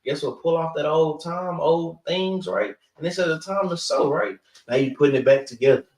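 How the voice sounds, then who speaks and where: A man with a high voice preaching scripture in loose street talk, who peppers every point with "guess what" and "man." He is recorded from across an echoey room. The sound is roomy and distant. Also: moderate pace, darkish tone. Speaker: teacher of a scripture class. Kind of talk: street-style Bible teaching.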